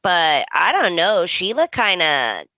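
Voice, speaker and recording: An opinionated woman with a bright, sharp tone, recapping a soap opera and throwing in dramatic character quotes. The sound is dry and close, a little dull. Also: on the low side, big pitch swings, slow pace, no room sound. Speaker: podcast co-host.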